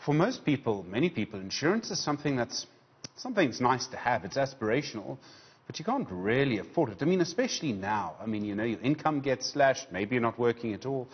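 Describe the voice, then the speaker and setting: A man's voice: mid-range voice, big pitch swings, fairly quick, slightly rough, dull audio. A man interviewing a guest on TV news, asking probing questions in a conversational way, often with "I mean".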